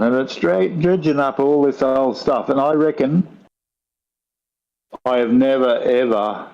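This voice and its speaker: A man's voice: medium pitch, unhurried, vocal fry, long pauses, a little mellow, muffled recording. An older man from Australia with a broad rural Australian accent, telling rambling stories with dry humour in a casual chat. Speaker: guest.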